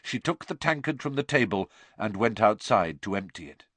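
A man narrating an audiobook with expressive storytelling, voicing every character himself. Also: fairly low pitch, moderate pace, slightly rough, no echo.

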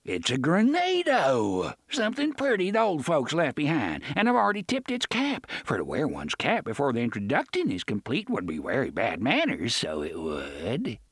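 A man's voice: medium pitch, huge pitch swings, normal speed, hardly any pauses, a bit bright, breathy edge, no room sound, clean studio sound, heavily acted. A man voicing a dying, ragged old male pirate who talks in thick slang, friendly and threatening at once. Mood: menacing chummy. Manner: thick slangy speech, chummy yet threatening.

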